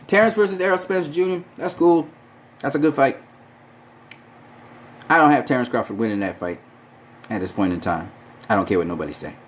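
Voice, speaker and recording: A man talks fight predictions in a loose, emphatic monologue. He swears freely and hammers points home by saying them twice. His pitch swings up and down with feeling over a faint background hum. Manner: emphatic, profane, repeats himself for stress. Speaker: boxing commentator. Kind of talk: casual opinion monologue.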